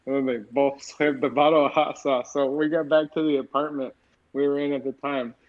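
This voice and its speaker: A man's voice: mid-range voice, little pitch movement, fairly quick. A young man co-hosting a podcast, telling crude, laid-back stories in casual chat. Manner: profane, laid-back storyteller. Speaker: podcast co-host. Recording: dull lo-fi mic.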